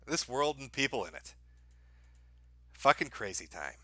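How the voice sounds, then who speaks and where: A sarcastic male stream host talking from home, heaping fake praise and cursing between chuckles. His voice is bright and lively and swings up and down in pitch, in a close, dry sound with no room around it. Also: unhurried, no echo. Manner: dry sarcastic mock praise, swears, laughs at his own jokes. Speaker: livestream host. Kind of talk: sarcastic live-stream commentary. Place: home, dogs barking nearby.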